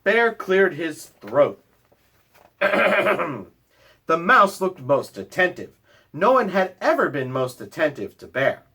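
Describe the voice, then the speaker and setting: A man, a school librarian, reading a picture book aloud to children from home in an animated, playful way. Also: a little high, slow, slightly rough.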